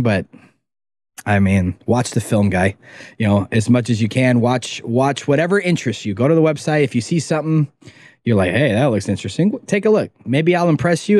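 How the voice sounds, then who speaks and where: A man's voice: mid-range voice, darkish tone, no echo, studio quality. A man who makes documentaries, a guest on a casual podcast interview, talking in an emphatic, rambling way and swearing freely.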